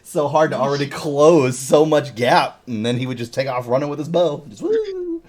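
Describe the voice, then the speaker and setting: A man's voice: mid-range voice, steady tone, moderate pace, a little mellow. A man hosting a podcast, telling long rambling gaming stories in casual chat and swearing constantly. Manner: rambling storytelling with heavy swearing. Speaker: podcast host. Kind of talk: casual chat about a video game.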